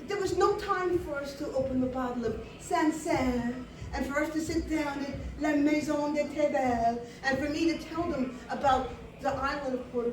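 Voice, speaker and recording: Animated New woman telling a live story. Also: sits high. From Brooklyn, New York. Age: 40s. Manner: animated, comic, frequent restarts and fillers. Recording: roomy, distant live-room sound.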